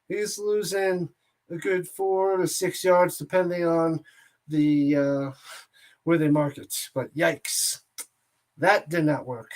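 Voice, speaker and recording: At a watch party, a man with a fairly high voice and slow pace gives jokey, excitable play-by-play. He rambles between plays and shouts when the big ones happen.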